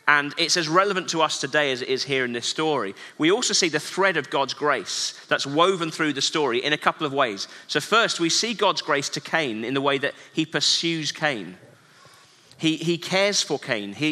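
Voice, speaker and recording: Earnest preacher, man, bright and slightly high voice, sermon in a reverberant hall. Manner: earnest, many rhetorical questions.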